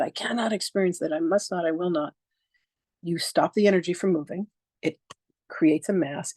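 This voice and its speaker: Animated woman in her sixties teaching. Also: lowish voice, breathy edge, no echo. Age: 60s. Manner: animated storytelling, acting out quoted exchanges; frank and emphatic, with occasional swearing. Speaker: spiritual teacher. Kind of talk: live online masterclass talk.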